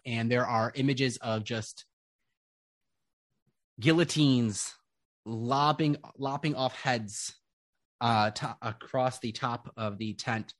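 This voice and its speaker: A man narrating a tabletop game as game master, describing scenes slowly with lots of fillers. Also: mid-range voice. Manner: slow, descriptive, rambling with fillers.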